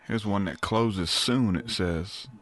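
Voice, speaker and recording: A man's voice: on the low side, slow, a bit bright. A man hosting a podcast, chatting in a laid-back way while looking things up. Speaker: podcast host. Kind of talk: casual chat.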